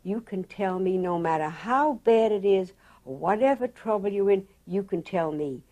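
An older woman voicing her worried mother, gently coaxing her daughter to tell her the truth. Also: medium pitch, lively intonation, moderate pace, lightly acted.

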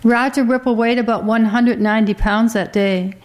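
A woman reading a literary story aloud as an audiobook narrator, in a measured, quietly dramatic way. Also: a little high, fairly even intonation.

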